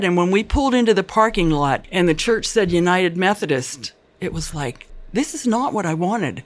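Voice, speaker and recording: A woman's voice: on the low side, lively intonation, normal speed, few pauses. Older woman, interviewee, earnest and chatty storyteller who quotes people. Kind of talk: personal life story.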